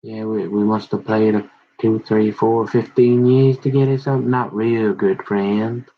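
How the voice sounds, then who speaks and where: A middle-aged man with a husky, somewhat low voice rambles through memories from his school days, acting out the people he quotes. The recording sounds dull and lo-fi. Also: normal speed. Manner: rambling, quoting others in animated voices. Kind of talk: casual storytelling about high school memories.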